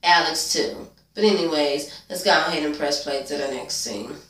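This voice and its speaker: A woman's voice: deep voice, moderate pace, a bit bright. A sleepy woman, recapping a TV episode in a blunt, profane, casual way and talking back to the characters. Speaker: TV episode reviewer, channel host. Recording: echoey room, distant from mic.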